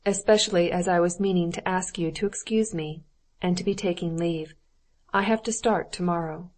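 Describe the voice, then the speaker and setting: A woman voicing a cold, stiff middle-aged husband who speaks in a measured, formal, clipped way. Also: on the low side, fairly even intonation, darkish tone, natural voice.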